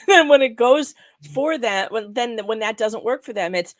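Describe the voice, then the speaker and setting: A woman's voice: a little high, animated, a little slow, a bit bright, no echo. Blunt, outspoken woman journalist. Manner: blunt, outspoken, swears freely. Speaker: journalist and commentator. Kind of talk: casual live-stream chat.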